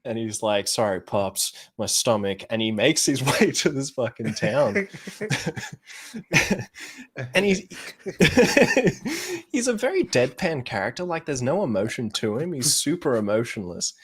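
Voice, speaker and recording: A man's voice: mid-range voice, very animated, unhurried, pauses often, slightly rough. Laughing, profane man. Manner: loose, profane, laughs often while telling. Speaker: podcast co-host. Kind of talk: casual chat, retelling a show.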